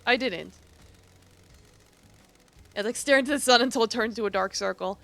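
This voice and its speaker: A woman's voice: a little high, moderate pace, vocal fry, pauses often, fairly bright tone, dry recording. A woman streaming a game, reading its dialogue aloud and adding casual, swearing asides.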